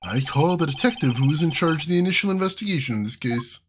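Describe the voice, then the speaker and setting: A man's voice: a little high, animated, fast talker, a little hiss or hum, close to an everyday voice. A man reading a cool young prosecutor. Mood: formal.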